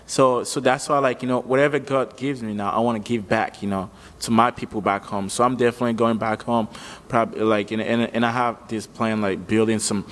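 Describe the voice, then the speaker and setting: A man from Africa, a musician guest, chatting casually in an animated, slangy way and laughing often. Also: mid-range voice, a little fast, in a large hall. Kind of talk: casual chat.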